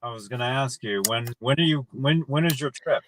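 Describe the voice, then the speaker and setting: A man's voice: medium pitch, brisk, slight background noise, rough recording. A man chatting casually, putting in short questions and joking remarks. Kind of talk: casual chat.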